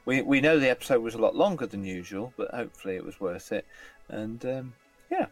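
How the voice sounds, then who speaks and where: A middle-aged man co-hosting a casual podcast, jovial and quick to laugh, often restarting his phrases. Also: mid-range voice, soft background music. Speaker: podcast co-host.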